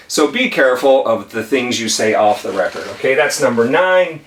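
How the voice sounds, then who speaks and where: A man's voice: lowish voice, expressive, fairly quick, a bit bright. A man, an attorney, giving a conversational whiteboard lesson with emphatic, repeated key phrases. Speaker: attorney teaching legal tips. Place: room with whiteboard. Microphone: camera mic at a distance. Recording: echoey room, voice from a distance.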